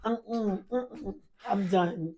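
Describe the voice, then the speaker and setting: A woman's voice: medium pitch, extremely slow, mellow. A woman co-hosting a podcast in casual chat, laughing often through playful banter. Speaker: podcast co-host.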